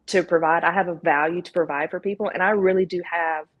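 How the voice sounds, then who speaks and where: A woman's voice: on the low side, fairly even intonation, fast talker, muffled recording. A woman with a Southern US accent, a guest in an interview, talking candidly and quoting her own inner thoughts. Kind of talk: casual interview talk.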